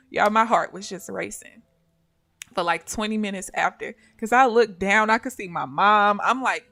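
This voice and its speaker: A woman day trader on a live stream, mixing trading commentary with animated stories, calling her viewers "y'all" and laughing often. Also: mid-range voice, normal speed.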